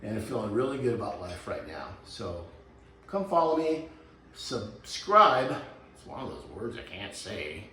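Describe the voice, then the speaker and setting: A man's voice: lowish voice, sing-song, unhurried, bright, forceful tone, echoey room, distant mic, a little hiss or hum. A man in his sixties, chatting in a folksy, rambling, self-joking way while cooking at home. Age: 60s. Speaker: vlogger. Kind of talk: casual kitchen vlog. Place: home kitchen.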